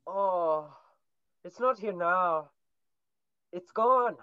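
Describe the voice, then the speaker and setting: A woman voicing a small, cheerful male teddy bear who is slightly Irish, polite, chatty and playfully growling, in a high school stage play. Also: lively intonation, extremely slow, bright, forceful tone, clear, resonant tone, dry recording, muffled recording, full character voice. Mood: friendly.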